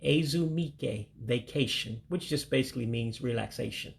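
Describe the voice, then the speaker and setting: Gravelly man slowly repeating vocabulary. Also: medium pitch, a little hiss or hum. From United States. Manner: slow careful repetition of foreign words, plain explaining. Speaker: language learner teaching vocabulary. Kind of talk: casual vocabulary lesson, livestream.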